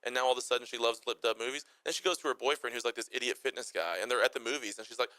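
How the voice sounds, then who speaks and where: A young man co-hosting a movie review show, joking quickly and putting on silly voices for characters. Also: mid-range voice, pushed and bright, dry recording, poor audio. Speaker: podcast co-host. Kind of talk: casual movie review chat.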